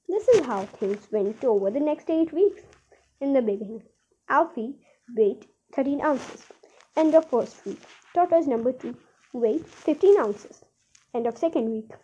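A woman reading a children's story aloud in an expressive, sing-song storytelling manner, on a dull lo-fi recording. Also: sits high, slight background noise.

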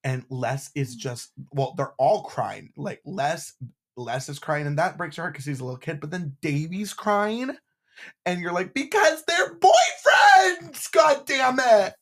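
A man co-hosting a podcast in casual chat, animated and acting out lines in high voices. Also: normal speed. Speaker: podcast co-host.

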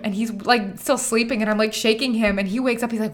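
A woman's voice: on the high side, quick pace, few pauses. Chatty young woman telling a story. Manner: chatty, animated, many "like" fillers. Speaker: mother telling her birth story. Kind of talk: casual personal storytelling.

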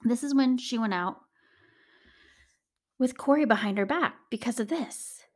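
A woman's voice: a little high, unhurried. Chatty woman hosting a true crime podcast. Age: adult parent. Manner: chatty, indignant asides to listeners. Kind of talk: casual storytelling.

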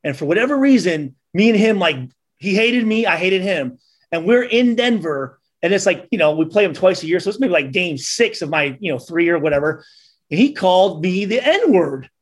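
A man from Michigan, a former football player, telling stories on a casual podcast, acting out the quotes loudly and swearing freely. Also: high voice, lively intonation, normal speed.

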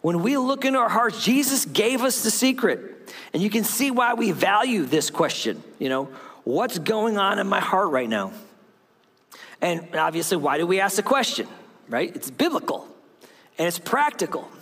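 A man's voice: high-pitched, big pitch swings, moderate pace, a bit bright, husky. A male pastor preaching a sermon, telling a story and acting out the voices in it. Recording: long hall reverb.

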